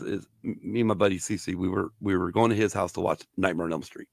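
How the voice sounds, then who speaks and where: Brief: middle-aged male podcast host, gravelly, lively swearing storyteller, dry close sound. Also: deep voice, fast, no echo. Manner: profane, animated storyteller. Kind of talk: casual storytelling chat.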